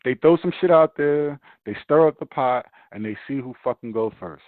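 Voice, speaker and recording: A man ranting profanely in casual chat, animated and forceful. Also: mid-range voice, moderate pace, no echo. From Brooklyn, New York. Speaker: podcast host. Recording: dry tinny phone-like sound.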